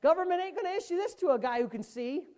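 A desperate blind beggar cries out, loud and pleading, as a woman preacher puts him on. The voice jumps high with fervent, insistent urgency. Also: animated, quick pace. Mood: defiant.

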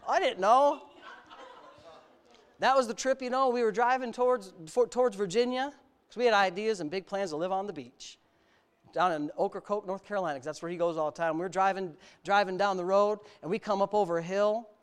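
A man's voice: high voice, fairly quick, clean tone. A male pastor from the United States giving a candid personal testimony in a sermon, mixing self-mocking humor with serious storytelling.

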